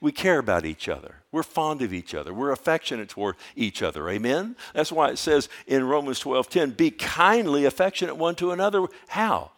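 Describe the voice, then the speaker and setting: A middle-aged man preaching a sermon as a pastor, swinging from loud urgency to hushed storytelling and repeating phrases for emphasis. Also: medium pitch, sing-song, fairly quick, hardly any pauses. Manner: repeats phrases, with filler restarts.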